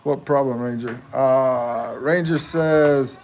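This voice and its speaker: A man's voice: on the high side, a little slow, long pauses, a little mellow, soft background music. A man in his fifties from the United States, hosting a casual livestream and joking with viewers as he reads their comments aloud. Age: 50s. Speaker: livestream host.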